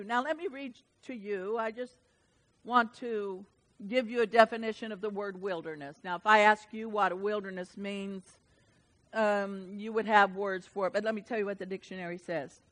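A woman preaching a sermon with an animated, dynamic delivery that swings between hushed and loud. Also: medium pitch, moderate pace, big-room sound, poor audio.

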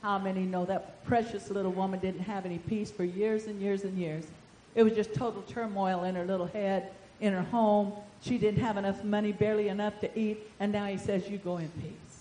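An older woman preaching a sermon, telling the story with animation and swinging between loud and soft. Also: mid-range voice, level tone, brisk, reverberant, slight background noise, rough recording.

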